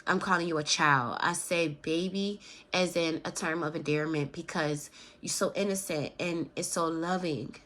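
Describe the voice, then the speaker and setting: A woman's voice: lowish voice, fairly bright tone. A woman in her thirties giving a casual, affectionate tarot card reading and talking straight to viewers, with a chatty manner. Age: 30s.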